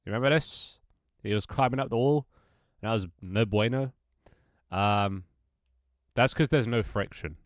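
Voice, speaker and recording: A man's voice: fairly low pitch, moderate pace, no room sound, studio quality. A man with a stuffy, congested nose, rambling and joking casually while streaming his game development work live. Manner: rambling, self-mocking, swears casually.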